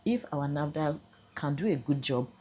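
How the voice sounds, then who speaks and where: Low-voiced Nigerian woman recounting an ordeal. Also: animated, normal speed, a little mellow, husky. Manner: earnest, shifts into Nigerian Pidgin. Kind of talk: emotional first-person account.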